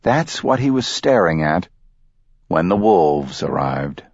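A man narrating a darkly comic animal fable in a dry, measured reading voice. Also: sits low, big pitch swings, a little mellow, slightly rough, no room sound, lo-fi sound.

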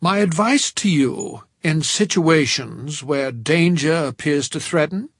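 A man voicing an earnest psychology professor who lectures slowly and with emphasis, in an audiobook. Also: a little high, breathy edge, no echo, studio quality, full character voice. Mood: emphatic. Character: earnest middle-aged male psychology professor.

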